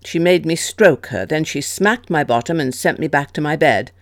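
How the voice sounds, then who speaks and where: A woman voicing a gentle, troubled grown man in an audiobook, speaking softly and subdued. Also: low voice, normal speed, no room sound, studio quality.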